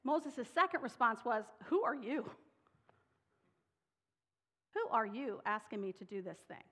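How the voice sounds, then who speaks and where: Woman preacher, kinda high voice, long echo like a big church hall, gets dramatic on the quotes. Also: animated, measured pace, a bit bright. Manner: dramatic scripture reading, voicing quoted speakers with rising intensity. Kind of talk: sermon.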